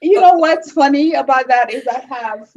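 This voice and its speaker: A woman's voice: high voice, normal speed. Earnest woman, slightly muffled. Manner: warm, earnest, emotional about her work. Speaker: guest, small business owner. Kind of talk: casual conversational interview.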